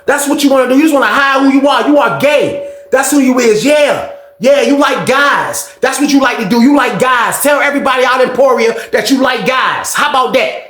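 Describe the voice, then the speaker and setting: A man voicing a furious male inmate who yells accusations in a high, drawn-out shout. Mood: screaming furious. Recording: roomy echo.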